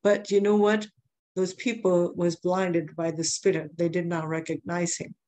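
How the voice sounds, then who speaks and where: A woman's voice: lowish voice, little pitch movement, unhurried, a little mellow, a little hiss or hum. A woman preaching a sermon, telling a testimony in an earnest way and repeating phrases for emphasis.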